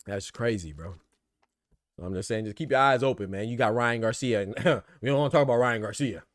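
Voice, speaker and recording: A man hosting a podcast, riffing in casual, animated commentary full of rhetorical asides and swearing. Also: medium pitch, a little fast, dry recording. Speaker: podcast host. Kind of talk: casual boxing and politics commentary.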